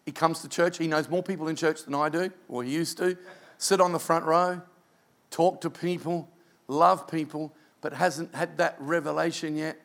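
Man, pastor, sermon, earnest storytelling, high gravelly voice. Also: fairly even intonation, normal speed, fairly bright tone.

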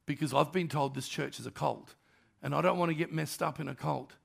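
An older man, a pastor telling stories in a sermon and acting out the dialogue, dropping to softer tones. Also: a little high, fairly quick, gravelly. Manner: animated storyteller, acts out dialogue, drops to soft tones. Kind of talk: storytelling sermon.

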